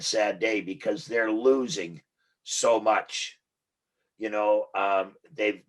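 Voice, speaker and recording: A man hosting an interview, speaking earnestly and affirming his guest. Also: on the low side. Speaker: interview host. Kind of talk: casual interview talk.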